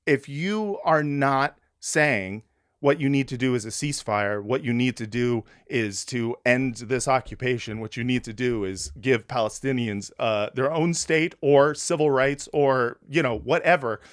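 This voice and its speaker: A man's voice: medium pitch, measured pace, clear, resonant tone, no echo, clean studio sound. A man hosting a casual political podcast, speaking bluntly, swearing often and rambling with fillers and restarts. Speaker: podcast host.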